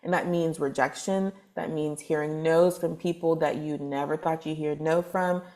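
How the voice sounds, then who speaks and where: Lady from texas chatting on a podcast, kinda low voice, lots of "like"s, lively storytelling. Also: moderate pace. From Texas, USA. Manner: chatty, lively retelling with many fillers. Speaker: spiritual advisor guest. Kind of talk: casual podcast interview storytelling.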